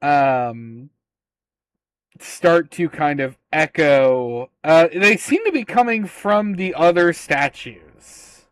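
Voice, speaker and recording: A man's voice: on the high side, animated, slow, no echo. A man narrating a tabletop game as game master, hesitant with many filler sounds.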